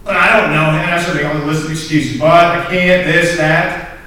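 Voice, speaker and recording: A young man speaking to a student group tells a story in a sermon, earnest and self-deprecating, laughing at his own stories and repeating or restarting words as excitement builds. His voice is a little high and a little fast. He's heard from a distance in a very echoey large room full of students.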